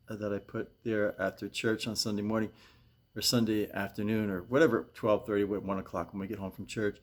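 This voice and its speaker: An older man vlogging while weeding his yard outdoors, rambling and repeating himself, sighing and a bit winded. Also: no echo. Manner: coaxing high calls to his pet. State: getting winded. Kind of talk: casual vlog chat.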